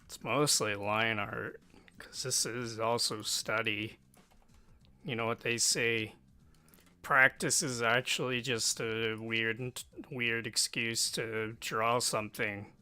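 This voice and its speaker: A man's voice: mid-range voice, steady tone, takes it slowly, sharp tone, clear, resonant tone. An American man streaming live while drawing, rambling to himself in a self-mocking, offhand way.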